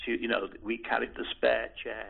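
Elderly male interviewee, deep gravel in the voice, halting and repetitive reminiscence over a tinny phone-like line. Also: flat delivery. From Liverpool, England. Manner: hesitant, restarts and repeats words, chuckles softly. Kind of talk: oral history reminiscence.

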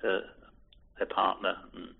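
Older man, Liverpool-raised interviewee, husky and halting, tinny phone-like audio. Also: deep voice, completely flat delivery. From Liverpool, England. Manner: halting, hesitant, many restarts and repeated words. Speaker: oral history interviewee. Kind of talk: reminiscing in an interview.

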